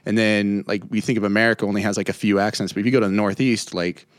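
Laid-back young man, low voice. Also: quick pace, no echo, clean studio sound. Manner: rambling and animated, laughs often, mimics voices in anecdotes. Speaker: comedian guest. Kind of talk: casual podcast chat.

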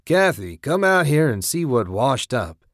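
A man playing a gruff, mocking squatter. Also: mid-range voice, very animated, a little slow, a bit bright, no room sound, clean studio sound, pitched above the performer's own voice. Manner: grumbling, cackling, sneering. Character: gruff scruffy male squatter, mocking and territorial.

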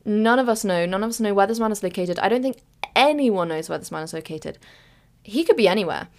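A woman's voice: medium pitch, lively intonation, a little fast, darkish tone. A woman telling a chaotic, giggly personal story on her podcast. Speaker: podcast host.

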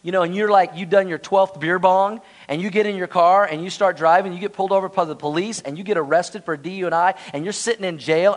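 A male pastor with a bright, high-pitched voice rushes through a comic personal story in his sermon, storytelling in an animated, joking way. He trades jokes with the congregation, then slows down to drive home his point.

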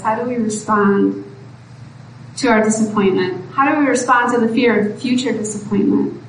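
A woman preacher giving a sermon in an earnest, pleading way that rises to exhortation. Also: fairly high pitch. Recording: echoey room from far off, faint background noise.

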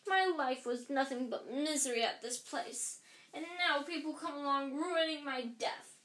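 A woman voicing a weepy, self-pitying ghost girl in a whiny, tearful, drawn-out way, in a storybook reading. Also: fairly high pitch, fairly bright tone. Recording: echoey room.

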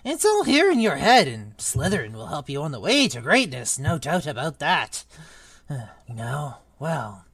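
A woman voicing a sly old talking magic hat, murmuring slowly in a hushed, drawn-out way while reading a book aloud. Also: sits low, sing-song, husky, no echo, full character voice. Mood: coaxing.

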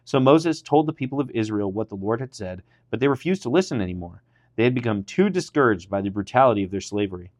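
Male pastor reading Bible passages aloud, low voice, dry close sound, lifts his voice for the dialogue. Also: lively intonation, quick pace, a little mellow, no room sound. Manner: reads aloud, lifting his voice for quoted speech. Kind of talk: scripture reading podcast.

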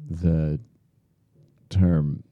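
A man from Long Island telling animated stories in a casual chat, peppering them with "like.". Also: very deep voice, drawn-out words, lo-fi sound. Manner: animated storyteller, lots of "like".

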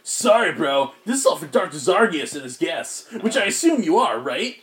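A man voicing a dim, laid-back surfer-dude monster chef who talks in loud, high surfer slang. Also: sing-song, moderate pace, a crowd in the background. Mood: breezy.

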